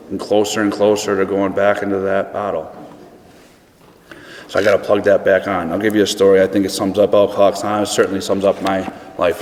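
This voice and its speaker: A man from Buffalo, New York, with a fairly low voice, gives a personal testimony as a guest speaker at a recovery meeting. He is conversational and acts out the dialogue in his story, recorded in an echoey meeting hall with slight background noise.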